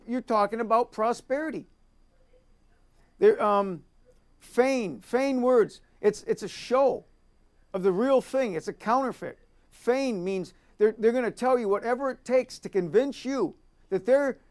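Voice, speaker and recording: A man preaching a sermon, reading scripture aloud and repeating key lines for emphasis. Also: sits high.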